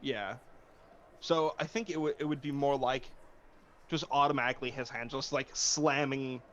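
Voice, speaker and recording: A man's voice: medium pitch, fairly even intonation, normal speed, muffled recording, slight background noise. A man playing a tabletop game as a player, talking casually and laughing often. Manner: casual, laughs between lines.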